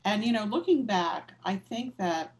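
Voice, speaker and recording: A woman speaking as an interview guest, with a voice of middle pitch. She talks candidly and reflectively, letting stories unfold with casual fillers. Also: animated, measured pace, poor audio. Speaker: author and activist guest. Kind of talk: conversational interview.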